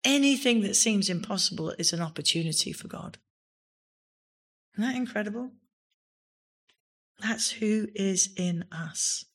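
A woman pastor preaching in church, with a voice of middling pitch. She leans hard on key words and often builds to exclamations. The delivery is a full, emphatic sermon. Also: lively intonation, unhurried, pauses often, husky.

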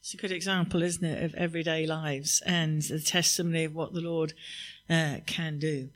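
A man, a pastor, gently encouraging the congregation to pray for healing at their tables. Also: on the high side, flat delivery, normal speed. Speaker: pastor leading a healing service. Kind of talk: sermon.

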